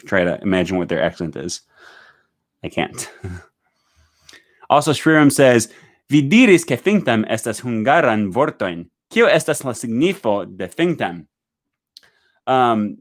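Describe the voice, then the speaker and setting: A livestream host chats casually from home, reading viewer comments aloud and talking them over. His voice is on the low side, and he speaks in a relaxed, meandering way with many fillers.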